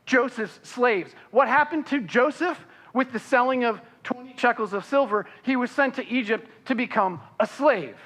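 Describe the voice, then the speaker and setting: A pastor preaching a sermon, reading scripture aloud and then explaining it, with frequent fillers and restarts. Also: male voice, moderate pace, big-room sound. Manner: animated, voicing the characters' protests with rising pitch.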